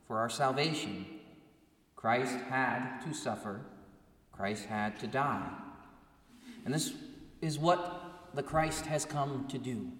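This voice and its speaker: A man preaching in a church sanctuary, recorded from a distance, so his voice rings with a long, roomy reverb. His pitch sits in the middle of a man's range. He delivers with earnest conviction and presses hard on his questions. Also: a bit bright. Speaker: pastor. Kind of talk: sermon. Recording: echoey hall, mic set far off.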